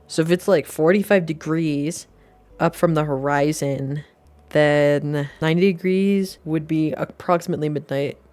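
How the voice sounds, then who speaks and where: Blunt young woman streamer, low voice. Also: fairly even intonation, unhurried, a little mellow. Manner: blunt, joking, swears casually. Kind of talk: casual gameplay commentary.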